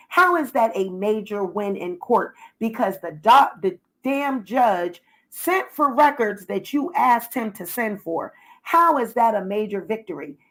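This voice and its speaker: A woman's voice: medium pitch, low-quality recording. A woman vlogger ranting indignantly through a profane commentary full of rhetorical questions.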